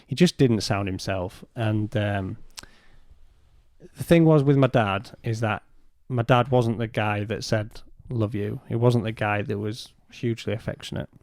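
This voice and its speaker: A man, a podcast guest, telling a personal story in a halting way and retelling what was said in his own words. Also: on the low side, darkish tone, no room sound, clean studio sound.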